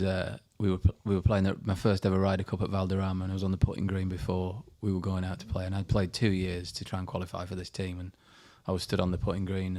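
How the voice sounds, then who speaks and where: Low-voiced golfer telling stories. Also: male voice. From England. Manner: animated anecdotes, acts out voices. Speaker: golfer guest. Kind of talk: storytelling interview.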